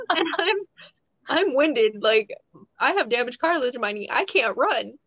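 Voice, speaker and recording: A woman co-hosting a podcast, telling a story in a rambling, animated casual way and laughing as she goes. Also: on the high side, moderate pace, no echo, dull audio. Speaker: podcast co-host.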